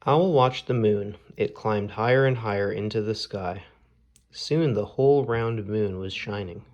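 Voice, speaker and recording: A man reads a children's story aloud, unhurried and measured. His voice sits somewhat low, and he moves through the narration at a very slow, even pace. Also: muffled recording. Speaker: storybook reader.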